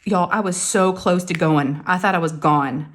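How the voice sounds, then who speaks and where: Brief: woman vlogger, chatty and animated storytelling, says "y'all". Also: fairly low pitch, normal speed. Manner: animated, acts out quotes, addresses viewers as "y'all". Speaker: crafting vlogger. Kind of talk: casual storytelling chat.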